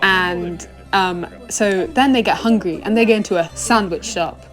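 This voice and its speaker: A woman's voice: medium pitch, a little slow, over music. A young woman rambling through a casual anime review, her chat full of fillers and exclamations. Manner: rambling and chatty, full of "like" and "oh my gosh".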